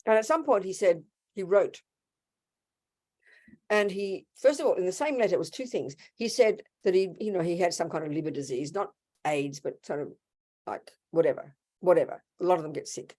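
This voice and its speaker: A woman's voice: lowish voice, normal speed. A woman giving a casual, blunt Buddhist teaching, acting out quoted voices along the way. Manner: animated, acts out quoted voices; blunt and informal. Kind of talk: casual dharma talk.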